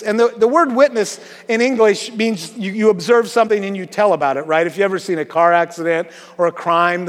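A man's voice: high-pitched, in a large hall. A man preaching a sermon to his congregation in a church, chatty and joking, with lots of fillers. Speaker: pastor. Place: church sanctuary.

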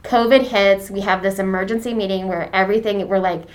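A woman who leads a church's deacons, talking in a casual podcast conversation. She is effusive and warm-hearted about her subject, with many fillers and restarts. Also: medium pitch, fairly even intonation, fairly quick. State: getting emotional.

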